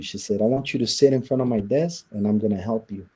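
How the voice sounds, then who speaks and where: A man's voice: mid-range voice, quick pace, warm tone, breathy edge. A man in an interview, casually telling his life story with lots of quoted back-and-forth and fillers. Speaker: interview guest.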